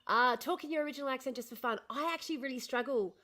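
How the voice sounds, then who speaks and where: A woman's voice: sits high, rapid-fire, pushed and bright. A middle-aged woman from northern Australia with a posh Australian accent, chatting casually on a livestream and answering comments. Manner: chatty, reads and answers comments, laughs often. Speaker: livestream host.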